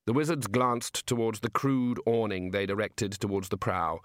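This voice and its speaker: A man reading a story aloud with expressive, measured narration. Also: fairly low pitch, no echo, clean studio sound. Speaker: audiobook reader. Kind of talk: scripted narration.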